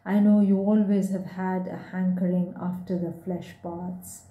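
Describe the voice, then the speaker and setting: A woman voicing a scarred young man who speaks quietly and ruefully. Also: high voice, little pitch movement, measured pace. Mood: subdued. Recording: echoey room.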